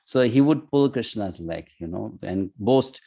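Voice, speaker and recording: A man teaching an online scripture class, talking conversationally with frequent "you know" and "hmm", and chanting verses slowly. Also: on the low side, lively intonation, vocal fry, warm tone. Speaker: course teacher. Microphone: online class audio.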